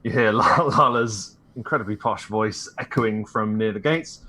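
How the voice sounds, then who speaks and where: A man voicing a posh, haughty female vampire elder who loves to talk, with grand, drawn-out delivery. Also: fairly low pitch, bright, forceful tone. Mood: imperious.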